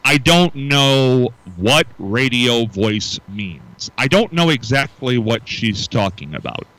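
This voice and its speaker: A man's voice: medium pitch, very animated, slow, fairly bright tone, poor audio. A middle-aged man hosting a casual morning radio talk show, musing aloud and often repeating words as he restarts.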